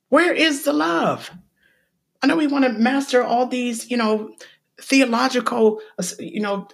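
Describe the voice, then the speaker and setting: A woman's voice: mid-range voice, slightly rough. A woman teaching the Bible on a podcast in a casual, emphatic way, firing rhetorical questions and tagging points with "okay?". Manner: ends points with a checking "okay?". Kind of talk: casual preaching.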